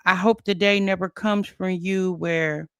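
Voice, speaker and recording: Crisp woman mocking a streamer. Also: fairly low pitch, steady tone, unhurried, fairly bright tone, no room sound, clean studio sound. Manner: mocking, critical. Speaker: commentary host. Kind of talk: reaction commentary.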